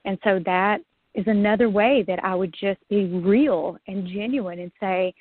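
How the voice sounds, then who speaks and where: A woman's voice: mid-range voice, a little slow, dry recording. A woman guest telling her own story in a casual interview, acting out what she once said and laughing often. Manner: lively, acts out her own past remarks, laughs often. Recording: dry, phone-like line.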